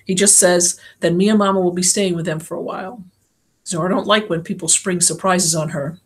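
A woman's voice: lowish voice, steady tone, brisk, husky. A woman reading an audiobook in the first person, telling the story in a plain, slangy girl's voice. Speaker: audiobook reader.

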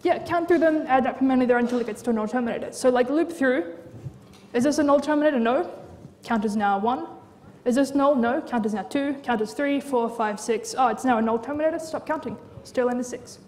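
High-voiced woman lecturing in a hall. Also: fairly quick, a little mellow, slight background noise. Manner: casual, chatty, many fillers. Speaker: university lecturer.

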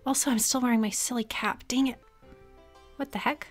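A woman's voice: on the high side, steady tone, brisk. A young woman narrating her gameplay with sarcastic asides, often dropping to a whisper. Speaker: gaming streamer. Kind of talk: casual let's play commentary. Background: faint game music.

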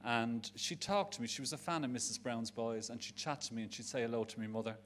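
A man's voice: medium pitch, fast talker. A middle-aged man with a Dublin Irish accent, giving a frank, emotional personal talk to an audience on stage, rambling and restarting his sentences. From Ireland. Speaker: speaker at a charity event. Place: live event on stage.

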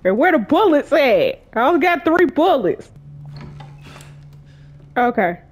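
Very animated and unhurried, this high-voiced woman chats with viewers in slangy gameplay commentary for her YouTube channel. She startles easily, lets out nervous laughs and shrieks during play.

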